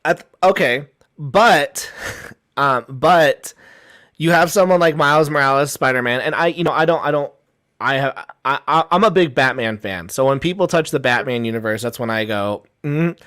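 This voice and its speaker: A man in a casual debate, talking in quick bursts with many false starts and restarts, animated as he argues his point. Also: mid-range voice. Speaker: guest.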